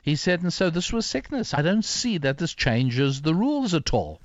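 A man's voice: on the high side, sing-song, moderate pace, no echo. Older male author as interview guest, reflective storyteller, dry dull audio. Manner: reflective, many fillers and restarts.

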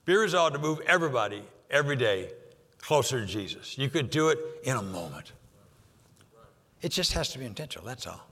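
An older man preaching a sermon, emphatic and repetitive, pushing some lines loud and dropping others low for effect. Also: big pitch swings, a little fast. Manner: emphatic, rising and dropping for effect, repeats phrases. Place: church sanctuary. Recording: long hall reverb.

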